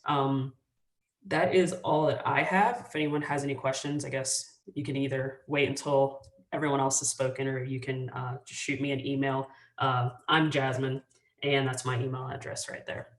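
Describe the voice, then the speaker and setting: A young woman from student government presenting casually on a video call, with a relaxed manner and many fillers. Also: a bass voice, moderate pace, recorded from a distance. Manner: relaxed, filler-heavy explaining. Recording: echoey room, voice off mic.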